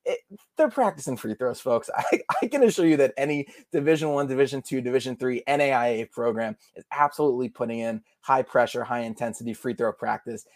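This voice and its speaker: A man's voice: medium pitch, brisk, no room sound, clean studio sound. A man co-hosting a sports podcast, explaining his points in a confident, emphatic way. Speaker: podcast co-host. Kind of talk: casual sports analysis.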